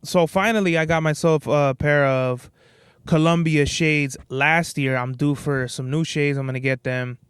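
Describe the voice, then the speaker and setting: A man's voice: a little high, steady tone, moderate pace, fairly bright tone, clear, resonant tone, dry recording, studio quality. A young man hosting a podcast alone, telling rambling, profane stories in a laid-back, casual way. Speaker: podcast host. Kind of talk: casual solo podcast monologue.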